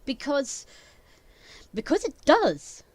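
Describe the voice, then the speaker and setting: A woman's voice: high voice, big pitch swings, slow, darkish tone, no echo, voice pushed up, heavily acted. A woman voicing a theatrical, earnest princely young man who speaks emphatically in a fan audio sketch.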